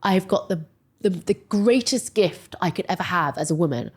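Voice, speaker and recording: Animated woman in her forties, chatty storyteller. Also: normal speed, slightly rough. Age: 40s. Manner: animated storyteller, many "like"s, voices quotes high. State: emotional, near tears. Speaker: podcast guest. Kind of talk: casual interview chat.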